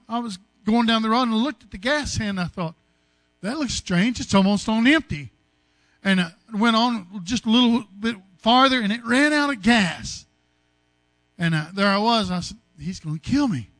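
A man preaching in a high, bright voice. He tells homely stories from his own life, then lifts them into fervent preaching. The sound is close and dry. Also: dry recording. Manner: folksy storytelling, rising to fervent preaching. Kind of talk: sermon with personal stories.

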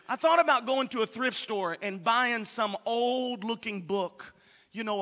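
A man preaching a Pentecostal sermon with passion, building up to shouts. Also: high-pitched, in a large hall. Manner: impassioned, rising to shouts. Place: church sanctuary.

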